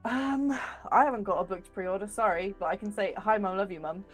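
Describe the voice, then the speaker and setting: A woman's voice: mid-range voice, soft background music. A woman on a tabletop game stream, chatting casually and joking about herself. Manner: quick, self-mocking. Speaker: player. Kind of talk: casual chat.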